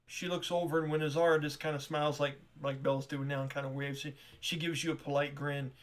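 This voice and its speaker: A male game master narrating a fantasy tabletop session. He talks in a chatty, excitable way and laughs easily as he describes the scene, in a voice on the higher side. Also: fast talker.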